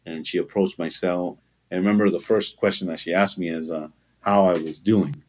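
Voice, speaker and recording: A man giving an earnest personal testimony in an interview, halting and full of fillers. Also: sits low, fairly even intonation. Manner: halting, with frequent fillers and restarts; earnest, with occasional laughter. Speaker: interview guest.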